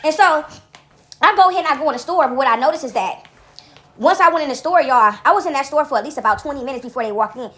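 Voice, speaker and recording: A woman telling a personal story to her viewers in a casual, animated way, often calling them y'all and swearing freely. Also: sits high, fast. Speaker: storyteller vlogger.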